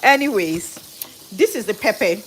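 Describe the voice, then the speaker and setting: A woman's voice: mid-range voice, lively intonation, measured pace, a little hiss or hum. Chatty middle-aged woman cooking. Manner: chatty, thinks aloud, self-correcting. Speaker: home cook and live streamer. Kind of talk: casual live cooking chat. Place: home kitchen.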